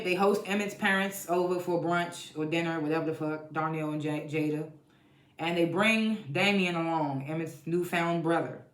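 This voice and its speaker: Profane TV recapper in an echoey room. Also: mid-range voice. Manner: blunt, profane, laughs often while retelling. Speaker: TV show reviewer. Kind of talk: casual episode recap.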